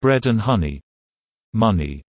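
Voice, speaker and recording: A man reading slang terms and their meanings in a measured, deliberate teaching delivery. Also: lowish voice, expressive, no room sound, muffled recording. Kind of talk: slow explanatory reading of word pairs.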